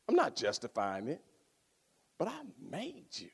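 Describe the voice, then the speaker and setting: A man preaching a sermon, swinging from loud exclaiming to hushed near-whispers. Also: fairly high pitch, very animated, moderate pace.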